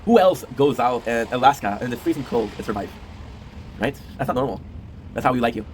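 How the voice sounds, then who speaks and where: Young male streamer, rapid casual rambling, faint noise behind. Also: medium pitch, expressive. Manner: rambling, repeats phrases and restarts, swears casually. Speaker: gaming YouTuber host. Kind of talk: casual rambling talk to camera.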